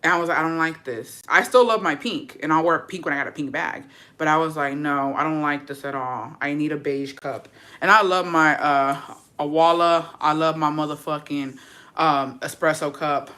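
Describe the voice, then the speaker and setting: Speaking at a moderate pace, this young woman has a deep, bright voice with a forceful tone. She vlogs casually to camera, slangy and profane, with Spanish words mixed in for viewers.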